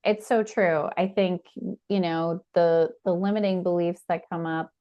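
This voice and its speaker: A woman's voice: fairly low pitch, fairly even intonation, measured pace, muffled recording. A woman hosting a podcast, speaking thoughtfully in casual conversation. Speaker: podcast host.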